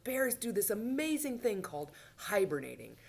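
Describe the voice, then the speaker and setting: A woman's voice: medium pitch, sing-song, moderate pace, vocal fry, darkish tone. A woman leading a toddler story time, talking playfully, singing bouncy verses and dropping into whispers. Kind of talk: children's sing-along and storytime.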